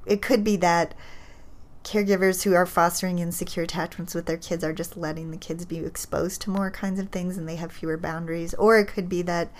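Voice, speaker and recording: A woman child psychologist discusses research findings in a considered, measured manner, with occasional fillers and restarts. She speaks on the low side with fairly even intonation.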